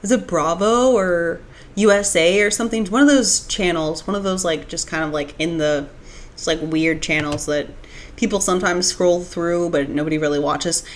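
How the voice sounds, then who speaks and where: A woman's voice: on the low side, normal speed, slight background noise. A young woman streaming live, chatting casually and reading out viewer comments, rambling with lots of restarts and filler words. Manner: rambling, restarts, many "like"s, reads chat comments aloud.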